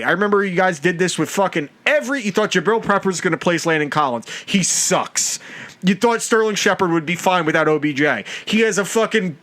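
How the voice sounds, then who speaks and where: A man's voice: sits high, animated, brisk, a bit bright. A young man hosting a casual sports podcast, ranting and mocking teams with heavy profanity. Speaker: podcast host.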